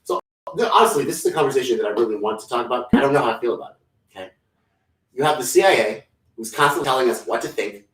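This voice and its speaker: A man's voice: mid-range voice, expressive, racing, a bit bright. A man co-hosting a casual comedic chat, rambling and slangy, often breaking into silly impressions. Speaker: podcast co-host. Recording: echoey room, mic at a distance.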